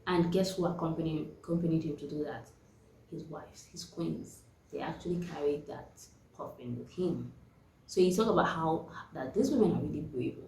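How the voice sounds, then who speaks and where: A woman's voice: sits low, moderate pace, slight background noise. A young woman, chatting casually and animatedly as she reviews a book on her vlog. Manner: chatty and animated, laughs often. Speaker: book vlogger. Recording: echoey room.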